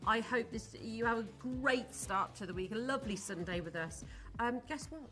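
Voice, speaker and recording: A woman's voice: fairly high pitch, expressive, normal speed, a bit bright, soft background music. A woman presenting live on a shopping channel in a studio, gushing and enthusiastic as she greets viewers by name.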